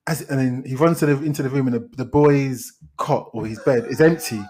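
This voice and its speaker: A podcast host and film reviewer retells a movie's plot in casual chat, sounding animated and exasperated and restarting often. His voice is medium in pitch and his pace is brisk.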